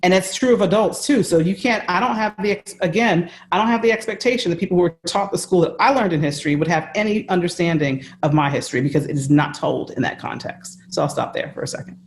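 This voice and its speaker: A woman's voice: on the low side, fast, few pauses, roomy sound. An American woman, a leadership coach, giving earnest, emphatic answers with examples on a video call. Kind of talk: conversational interview answer.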